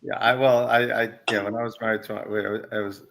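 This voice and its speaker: A man co-hosting a casual sports podcast over a video call, telling animated stories and acting out his own yells. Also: mid-range voice, fast, vocal fry, a little hiss or hum. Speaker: podcast co-host.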